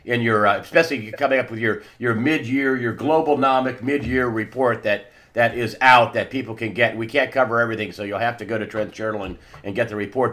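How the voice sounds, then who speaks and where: A man hosting an interview, talking in a halting way with many restarts and confirming questions. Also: mid-range voice, fairly bright tone. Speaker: interview host.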